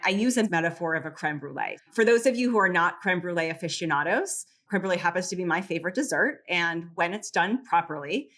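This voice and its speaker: A middle-aged woman psychologist explaining coping tools calmly and clearly in a podcast interview. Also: fairly low pitch. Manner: calm, measured, teacherly explanations. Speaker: psychologist and caregiver clinic founder.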